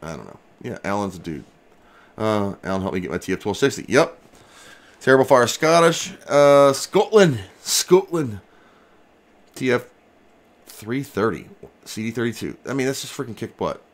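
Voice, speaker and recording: Lively excitable man opening mail. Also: on the low side, moderate pace. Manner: excitable, chatty, swears mildly. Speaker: retro computer restoration channel host. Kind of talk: casual livestream mail-opening chat.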